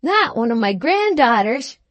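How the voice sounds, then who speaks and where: Woman doing a shrill trembling old lady. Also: sing-song, unhurried, dry recording. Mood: alarmed. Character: timid, fussy old lady, easily alarmed.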